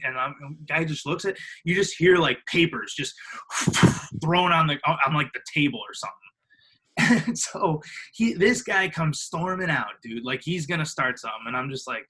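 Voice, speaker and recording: A man's voice: a little high, moderate pace, breathy edge, rough recording. A young man in his twenties, a podcast guest, telling stories casually and animatedly, acting out other people's voices and using lots of fillers. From Illinois, US. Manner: animated, acts out other people, heavy filler words, laughs often. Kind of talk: casual storytelling.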